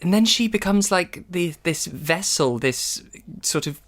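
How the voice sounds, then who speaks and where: A man's voice: high voice, expressive, unhurried, fairly bright tone. A man hosting a horror film podcast, talking casually and laughing often. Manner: laughs often, hesitant with fillers. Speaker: podcast host.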